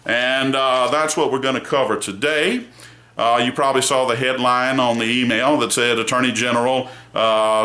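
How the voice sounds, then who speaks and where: A man's voice: mid-range voice, sharp tone. A man delivering opinionated political commentary, rambling, with restarts and asides, and turning heated and emphatic at times. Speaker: political commentator and blog founder.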